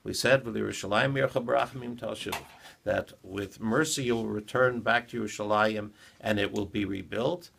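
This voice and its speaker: A man, a rabbi, giving a short morning talk after prayers, retelling a teaching in a measured storytelling way with quoted dialogue. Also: lowish voice, fairly even intonation, gravelly, a bit bright, breathy edge.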